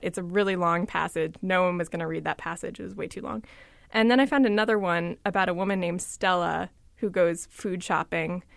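A woman from the suburbs of Washington, D.C., chatting as a reporter in a lively, storytelling way. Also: lowish voice, gravelly, no echo, studio quality. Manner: lively, storytelling, quotes others. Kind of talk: conversational radio chat.

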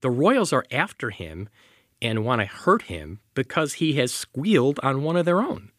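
A male attorney speaks in a lively, swooping voice, full of skepticism and disbelief. The recording is dry and close, with no room sound. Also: medium pitch, moderate pace, no echo. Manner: skeptical, incredulous, animated. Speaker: defense attorney. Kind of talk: recorded interview.

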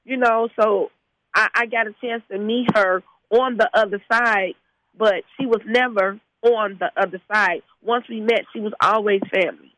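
A woman football coach talks in a relaxed, conversational way, leaning on fillers as she goes. The sound is dry and close. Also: medium pitch, moderate pace, no echo, poor audio. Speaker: high school football head coach. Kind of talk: casual interview talk.

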